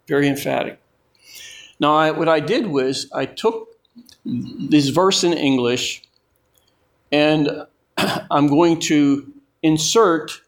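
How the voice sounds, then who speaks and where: A male preacher delivers a sermon at an unhurried pace. His voice sits a little high, and he drives his points home by repeating words. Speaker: pastor.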